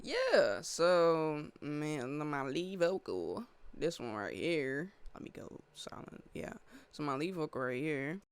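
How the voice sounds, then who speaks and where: A man's voice: on the high side, big pitch swings, takes it slowly, soft background music. A man casually walking through his own song, talking in a loose, slangy way with lots of fillers and restarts. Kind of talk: casual walkthrough of a music session.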